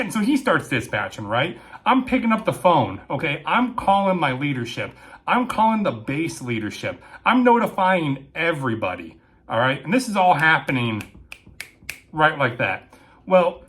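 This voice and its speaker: Animated man telling a comedy story. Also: a little high, normal speed. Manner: animated, acts out quotes with shouting and asides. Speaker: storyteller, former military police dispatcher.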